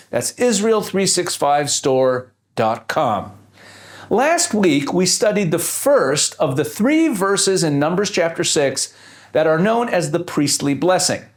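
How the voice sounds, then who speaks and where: A man teaching scripture, explaining each point step by step and posing rhetorical questions to his audience. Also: sits high. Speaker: Bible teacher.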